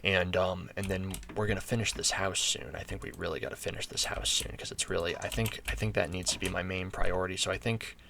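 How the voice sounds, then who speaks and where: An American man talks his way through a game in a deep voice with a gravelly edge. He rambles and restarts, filling gaps with ums as he thinks aloud. A faint hiss sits under his voice. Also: steady tone, a little fast, few pauses, sharp tone. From United States. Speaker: gaming channel host. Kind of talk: casual gameplay commentary.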